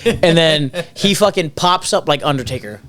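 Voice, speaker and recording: A man co-hosting a podcast in casual chat, swearing freely and acting out quotes in a higher, nervous voice. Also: animated, normal speed, a bit bright, dry recording. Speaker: podcast co-host.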